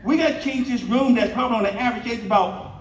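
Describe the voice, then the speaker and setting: A man's voice: very high-pitched, quick pace, heavy background noise. A man in his fifties giving a keynote at a luncheon, telling stories and acting out the dialogue with humor. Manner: animated, acts out quoted dialogue, jokes with the audience. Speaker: keynote speaker. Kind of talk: storytelling keynote speech. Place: banquet hall. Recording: echoey, distant, slightly dull room recording.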